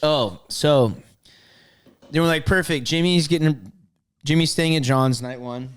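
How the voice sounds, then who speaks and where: A man's voice: on the high side, unhurried, smooth. A young man co-hosting a casual podcast, chiming in with jokes and laughter before taking over the story. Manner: chimes in with jokes and laughs, then picks up the story. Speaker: podcast co-host. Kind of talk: casual chat.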